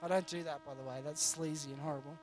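High-voiced man preaching casually. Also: steady tone, quick pace, a little mellow, soft background music. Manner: earnest, jokey, frequent restarts. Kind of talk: conversational sermon.

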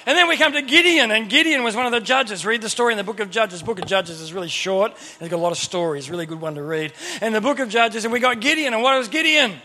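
A man preaching a sermon to a crowd, a lively storyteller who acts out Bible characters and adds humorous asides and questions to the audience. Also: high voice, quick pace, few pauses. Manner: speaks to a crowd with frequent questions.

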